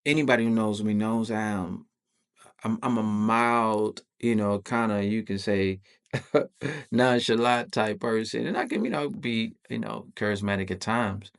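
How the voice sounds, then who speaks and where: A man's voice: lowish voice, measured pace, gravelly. A man hosting a podcast, telling a personal story in loose, slangy, profane conversational talk. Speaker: podcast host.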